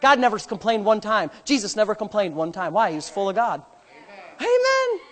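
Preaching pastor in a reverberant hall. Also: male voice, sits high, fast. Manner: builds to loud preaching peaks, then drops to quiet storytelling; self-mocking, conversational asides. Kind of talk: sermon. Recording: long reverb of a large hall.

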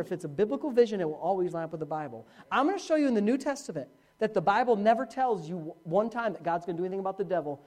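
Animated preaching male pastor. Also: high-pitched. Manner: animated storytelling, swinging between loud and hushed. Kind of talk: sermon.

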